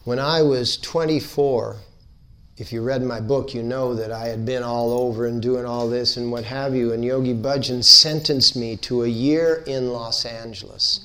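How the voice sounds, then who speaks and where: A man giving a spiritual lecture, unhurried and playful, repeating words in rhythmic build-ups. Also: mid-range voice, fairly even intonation, bright, forceful tone. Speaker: spiritual teacher.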